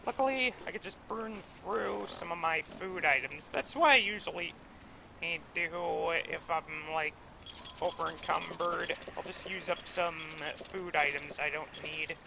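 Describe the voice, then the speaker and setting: A man's voice: on the high side, a little slow, vocal fry, noisy background. A man giving casual commentary while playing a video game, chatty and rambling off on tangents. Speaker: let's play gamer.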